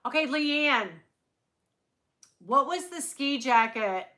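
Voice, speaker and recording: This middle-aged livestream host speaks in a high, animated voice with a sharp tone, and her pace is slow. She rambles casually with her live viewers and laughs a lot.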